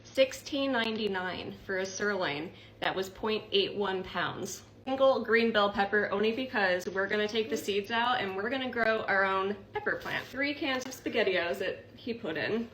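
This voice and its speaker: A woman's voice: medium pitch, moderate pace, few pauses, a bit bright, low-quality recording. A woman talking to her phone about grocery prices, exasperated and sarcastic. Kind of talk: grocery haul rant. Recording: clear background noise.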